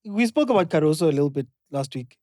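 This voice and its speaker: A man hosts a football chat, moving things along with a playful, teasing edge. His voice sits high for a man. The sound is close and dry. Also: expressive, quick pace, mellow, dry recording. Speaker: podcast host. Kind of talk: casual football chat, leads the segments.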